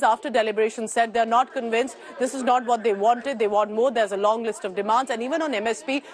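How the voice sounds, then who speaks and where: A woman news anchor, briskly bringing in reporters on a morning telecast. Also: on the high side.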